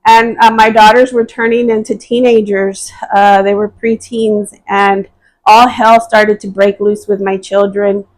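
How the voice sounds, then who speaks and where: As a podcast guest, a woman shares her personal testimony hesitantly and earnestly, using many fillers and restarts. Her medium-pitched voice barely moves and keeps a measured pace, on a low-quality recording.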